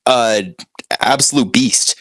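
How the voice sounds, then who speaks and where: A man's voice: steady tone, takes it slowly, a bit bright, dry recording. A young man co-hosting a podcast, swearing constantly and launching into mock-angry rants at his listeners. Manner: profane, mock-angry rants with big pitch swings. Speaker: podcast co-host. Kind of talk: crude comedic podcast banter.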